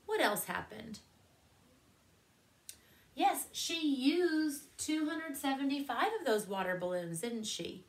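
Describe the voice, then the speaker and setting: A woman's voice: high-pitched, expressive, takes it slowly, pauses often. Encouraging woman teaching second-grade math. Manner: encouraging, asks many questions. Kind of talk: classroom math lesson.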